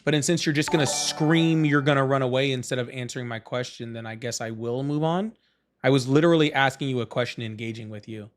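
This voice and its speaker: A man's voice: medium pitch, brisk, faint music behind. A man hosting a live political chat stream, talking in a sarcastic, mocking, rambling way. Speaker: livestream host.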